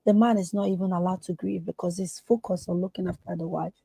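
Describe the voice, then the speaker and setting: Woman therapist, podcast guest, emphatic, warm husky voice, dry sound. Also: on the low side, fairly even intonation, fast, no room sound, rough recording. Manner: emphatic, acts out quoted voices. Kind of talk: earnest podcast conversation.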